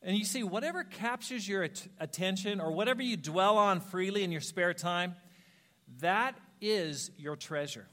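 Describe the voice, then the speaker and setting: A man preaching a storytelling sermon, animated and self-mocking, laughing at his own stories. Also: high voice, a little fast, hardly any pauses. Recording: long reverb of a large hall.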